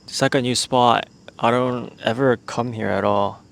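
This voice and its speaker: A man talks slowly through his solo podcast, his voice gravelly with a lot of vocal fry. He rambles in a relaxed way, with plenty of "like" fillers. He speaks into a handheld mic outdoors. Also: mid-range voice. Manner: relaxed, meandering, with many "like" fillers. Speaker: podcast host. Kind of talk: casual solo podcast talk. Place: outdoors in a remote spot. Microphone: handheld microphone.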